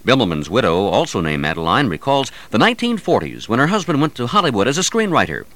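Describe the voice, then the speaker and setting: A man presents a radio news feature in a scripted, announcer style. His pitch swings widely from line to line, which gives the read a lively, sing-song feel. He sits at a middle pitch for a man. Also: fast talker.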